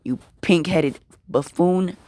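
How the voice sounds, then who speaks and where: Man playing a bossy teen rule-stickler, slow delivery, close dry sound. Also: high voice, a little mellow, no echo, pitched above the performer's own voice. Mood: scolding. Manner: scolding, uptight. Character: strict, bossy teenage schoolboy.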